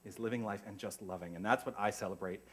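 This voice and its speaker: A man's voice: lowish voice, fairly even intonation, fast talker. A man from the United States welcoming a congregation as minister, chatty and effusive with rambling asides. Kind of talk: church service welcome.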